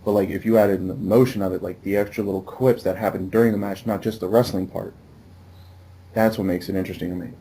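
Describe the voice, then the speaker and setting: A man's voice: low-pitched, steady tone, fast talker, mellow, husky, poor audio. A man hosting a podcast in a loose, rambling casual chat with many fillers. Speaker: podcast host.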